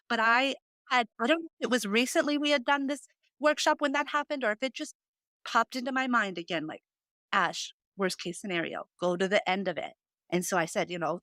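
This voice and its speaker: A woman's voice: mid-range voice, fairly bright tone, dry recording. A woman in her thirties hosting a podcast, telling a personal story in an earnest, heartfelt way with lots of fillers. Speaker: podcast host. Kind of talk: casual chat.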